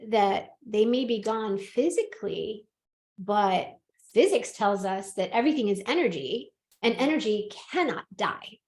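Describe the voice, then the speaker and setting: A woman hosting a podcast, telling a personal story in casual chat, animated and laughing often as she acts out what people said. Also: mid-range voice, measured pace, roomy sound. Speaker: podcast host and medium.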